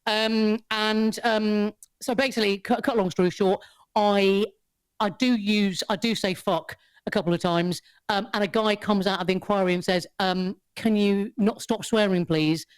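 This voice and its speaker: A woman, a podcast guest who tells a story in casual chat, animated, swearing freely and laughing often. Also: mid-range voice, moderate pace, clear, resonant tone.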